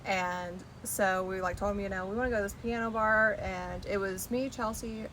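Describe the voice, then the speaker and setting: A woman's voice: medium pitch, fairly even intonation, normal speed, fairly bright tone, slight background noise. A woman hosting a casual chat, telling a story in a chatty way with laughs. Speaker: host.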